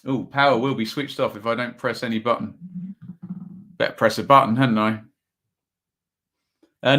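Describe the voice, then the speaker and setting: Male stream host, chatty and tired, bright tone. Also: medium pitch. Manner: chatty, reads out chat messages and scores. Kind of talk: casual live-stream chat and score updates.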